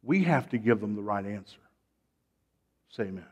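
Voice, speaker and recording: A man preaching a sermon. He repeats his phrases, calls for amens and swings from hushed lines to loud, rising ones. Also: fairly low pitch, lively intonation, moderate pace, slightly rough, highs cut off.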